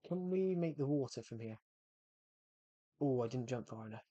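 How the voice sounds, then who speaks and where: A man's voice: mid-range voice, lively intonation, normal speed, mellow, no room sound, lo-fi sound. A man streaming a game, chatting casually with viewers and humming as he plays, with a thick accent. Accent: thick regional accent, not named. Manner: chatty, talks to viewers, hums while playing. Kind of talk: casual gameplay commentary.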